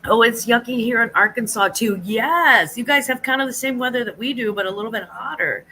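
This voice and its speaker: A woman hosting a casual live chat, rambling easily and greeting her viewers in a high sing-song. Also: brisk, pushed and bright, a little hiss or hum, low-quality recording. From United States. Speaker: livestream host.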